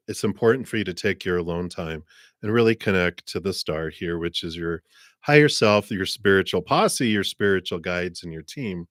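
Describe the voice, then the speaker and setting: A man giving tarot readings on a livestream in an upbeat, chatty way, clearing his throat now and then. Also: sits low, fairly bright tone, no echo, clean studio sound. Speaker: tarot reader.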